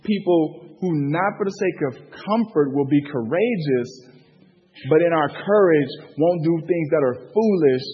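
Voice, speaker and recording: Husky man teaching a church group. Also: a little high, animated, a little slow. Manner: loose, filler-heavy talk, asks the room for answers. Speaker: Bible study teacher. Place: hall with a group. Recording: dull echoey hall recording.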